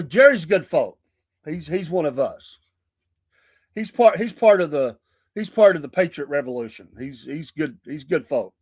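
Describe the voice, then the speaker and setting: A man's voice: fairly high pitch, lively intonation, measured pace, long pauses, darkish tone, no room sound, studio quality. A Southern American man hosting a morning livestream show, chatty and folksy, laughing often. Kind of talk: casual livestream chat. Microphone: streaming mic.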